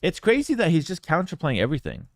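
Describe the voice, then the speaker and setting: A man with a lively, bouncing voice casts a strategy game tournament and chats casually between plays. He sits slightly high for a man, dry and close to the mic. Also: fast, vocal fry, no room sound. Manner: animated, talkative, many fillers and asides. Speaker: game caster and streamer. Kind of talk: casual storytelling and esports commentary.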